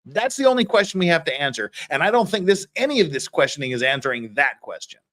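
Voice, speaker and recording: A man with a fairly high voice hosts a loose livestream, reading out viewer comments and answering them bluntly. He swears freely and rambles, restarting his sentences as he goes. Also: very animated, quick pace, a bit bright. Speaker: legal commentary livestream host.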